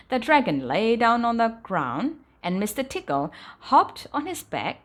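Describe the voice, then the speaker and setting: Woman reading a picture book at bedtime, lively intonation that sinks softly at sentence ends. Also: a little high, unhurried, few pauses. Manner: animated storytelling, dropping softly at sentence ends. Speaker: storybook reader. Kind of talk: bedtime storybook read-aloud.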